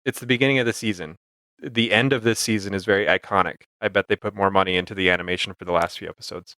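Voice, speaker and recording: A man's voice: deep voice, fairly even intonation, fast, sharp tone, no room sound. A man co-hosting a casual podcast, retelling scenes in an easygoing, plain way with short agreeing replies. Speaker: podcast co-host.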